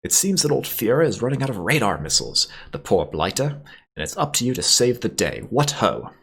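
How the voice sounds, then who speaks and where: A man voicing a shrill, pompous older male officer with a nasal whine and a put-on posh old English accent. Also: very animated, a little fast, vocal fry, a bit bright, husky, full character voice. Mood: blustering. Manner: blustering, jolly, self-important.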